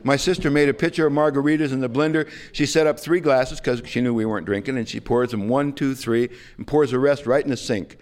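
A man's voice: medium pitch, fairly quick, hardly any pauses, darkish tone. A man sharing his story at a recovery meeting, rambling and self-deprecating with lots of fillers. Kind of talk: humorous personal storytelling.

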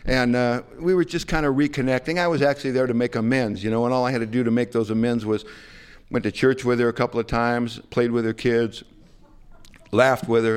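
A man's voice: mid-range voice, clear, resonant tone. A man sharing his story at a recovery meeting, rambling and self-deprecating with lots of fillers. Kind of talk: humorous personal storytelling.

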